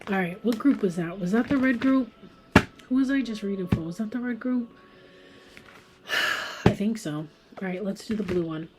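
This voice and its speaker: A woman reading tarot in a casual pick-a-card format speaks in a mid-range voice at normal speed, pausing often, over a noisy background. She chats emphatically to her audience and sometimes drops to a soft whisper to underline things.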